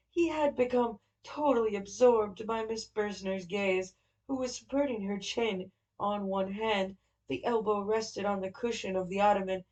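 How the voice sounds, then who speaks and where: A woman narrating a classic novel in a steady, even storytelling manner. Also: medium pitch, poor audio. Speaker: audiobook narrator.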